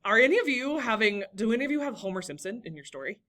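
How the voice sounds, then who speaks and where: A woman's voice: a little high, very animated, quick pace, fairly bright tone. A young woman teaching a classroom lesson, encouraging and talking to students by name.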